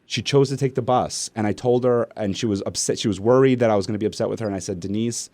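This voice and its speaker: A man's voice: fairly low pitch, dry recording. A middle-aged man hosting an interview, telling a family story casually and acting out the dialogue. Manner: animated, acts out family dialogue. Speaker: podcast host and speaker.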